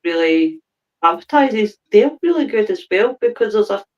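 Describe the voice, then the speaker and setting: A woman's voice: medium pitch, animated, normal speed, lo-fi sound. A woman co-hosting a podcast in casual chat, talkative, laughing often and swearing casually. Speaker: podcast co-host.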